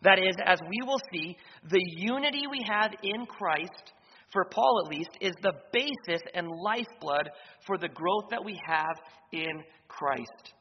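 A man preaching an expository sermon as pastor, restating his points and pausing on fillers. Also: high-pitched, animated. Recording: dull, slightly noisy reverberant hall.

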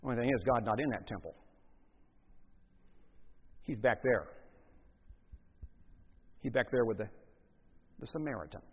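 A man preaching a sermon in an animated way, acting out scenes with big swings in pitch and volume. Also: a little slow, pauses often, breathy edge. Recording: long hall reverb, muffled lo-fi sound.

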